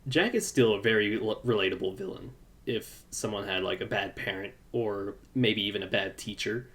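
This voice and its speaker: A man hosting a casual podcast chat. He speaks haltingly and acts out quotes with sudden excited jumps in pitch. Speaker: podcast host and video reactor.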